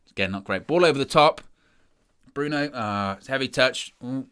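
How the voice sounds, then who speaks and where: A man's voice: medium pitch, normal speed, a bit bright. A young man hosting a live football watch-along, rambling and glum about his team's play. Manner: dejected, rambling, self-mocking. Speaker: match watch-along host.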